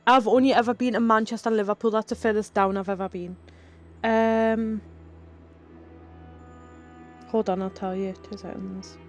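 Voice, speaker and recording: This North East England livestreamer, a Geordie woman in her twenties, reads live chat aloud while chatting casually, giggling and using "like" often. She talks at a normal speed in a medium-pitched, fairly even voice, pausing at length over soft background music.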